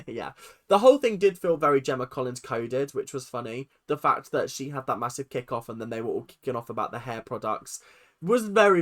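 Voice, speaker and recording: A young man casually ranting through a reality TV recap, chatty and animated, mocking people with quick impressions. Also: a little high.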